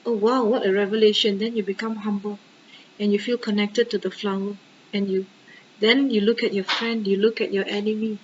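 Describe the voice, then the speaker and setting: A woman, a Buddhist nun and teacher, gives a dharma talk in an animated way, full of rhetorical questions and exclamations and often checking in with her listeners. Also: mid-range voice, moderate pace, muffled recording, a little hiss or hum.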